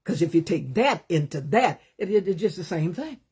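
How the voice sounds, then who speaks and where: Husky woman preaching an impassioned sermon. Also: expressive, moderate pace. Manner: impassioned, emphatic preaching with swings between loud bursts and hushed low asides.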